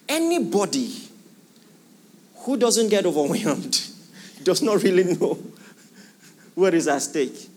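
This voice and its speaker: Animated man preaching, lively pitch. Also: takes it slowly, long pauses, a little hiss or hum. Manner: animated preaching, rhetorical questions to the congregation. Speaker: pastor. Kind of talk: sermon.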